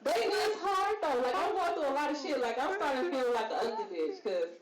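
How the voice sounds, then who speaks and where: A woman's voice: high voice, expressive, quick pace. A woman doing open-mic stand-up comedy, brash and profane, teasing the crowd and laughing through her own jokes. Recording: echoey room with loud crowd.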